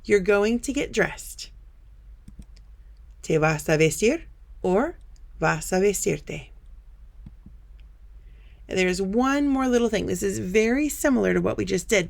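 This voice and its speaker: A woman teaching a Spanish grammar lesson over slides, patiently explaining step by step and telling students to pause and practice. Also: medium pitch, creaky.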